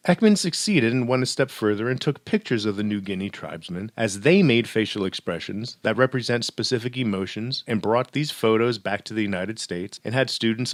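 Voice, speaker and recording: A male psychology lecturer giving a recorded video lecture, with playful asides and deadpan jokes. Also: fairly low pitch, no echo, clean studio sound.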